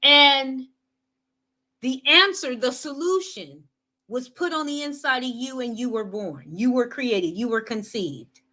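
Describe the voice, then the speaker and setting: A woman's voice: high voice, measured pace, pushed and bright, low-quality recording. A woman giving an earnest motivational talk, repeating her points and often checking in with "right?". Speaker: motivational speaker.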